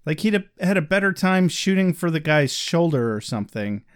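A man co-hosting a podcast speaks with a slightly high, sing-song, clear and resonant voice, a bit fast. He casually recaps an episode with sardonic remarks, swearing offhandedly and reading quotes aloud.

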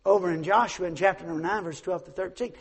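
A man preaching a sermon as pastor, swinging from hushed asides to shouts, often stammering and restarting. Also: high-pitched, quick pace, husky. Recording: long hall reverb.

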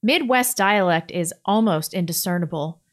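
Deep-voiced blunt woman co-host. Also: normal speed. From Missouri. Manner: blunt and opinionated. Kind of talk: casual chat.

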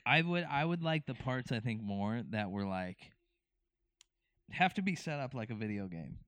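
A man's voice: mid-range voice, animated, normal speed, a bit bright, no room sound. A man co-hosting a podcast in casual chat, playful and joking. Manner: playful, jokes and acts out bits. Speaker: podcast co-host.

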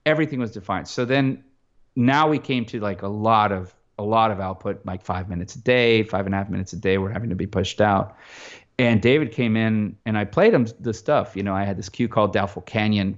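Composer guest, male, low-pitched, chatty and rambling, slightly dull recording. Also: a little fast. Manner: rambling, animated, many restarts and fillers. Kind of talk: casual interview talk.

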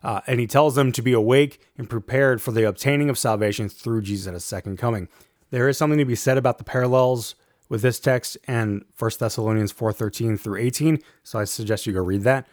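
A man's voice: medium pitch, darkish tone, no room sound. Man teaching scripture, dry close sound. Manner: measured, reads quotes aloud, fillers like um and right. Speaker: Bible teacher. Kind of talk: lecture on a scripture passage.

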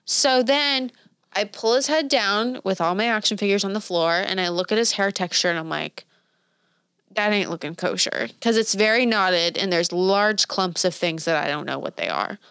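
A young woman casually telling a story on a podcast, animated and swearing, acting out her own quotes. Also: mid-range voice, moderate pace, smooth, no room sound, clean studio sound.

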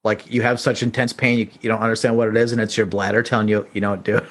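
A man's voice: on the low side, level tone, quick pace. A man rambling and chuckling through a self-deprecating story on a casual podcast.

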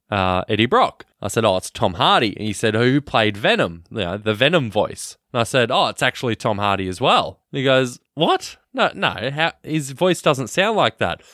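A man co-hosts a casual film podcast. His pitch swings widely as he talks, and he laughs a lot. The sound is dry and close, with no room echo. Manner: animated, laughs often, does quick voices. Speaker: podcast co-host.

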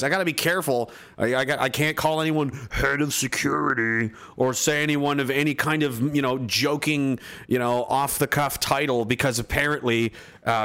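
A man hosting a loose, casual livestream, reading chat aloud and rambling from one thought to the next. His talk is full of "uh", restarts and offhand swearing. His voice sits at an ordinary middle pitch for a man. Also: a bit bright. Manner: rambling and profane, with many fillers and restarts.

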